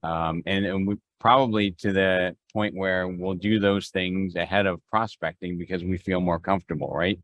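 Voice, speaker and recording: A man's voice: deep voice, fairly even intonation, moderate pace, few pauses, dry recording, muffled recording. A man leading a real estate mastermind on a video call, talking conversationally with restarts and acted-out phone exchanges. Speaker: real estate team leader.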